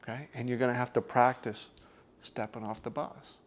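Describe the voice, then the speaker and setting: A man's voice: medium pitch, level tone, normal speed, slight background noise. A man teaching a workshop group in a conversational way. He often checks in with "okay?" and acts out inner voices while he explains.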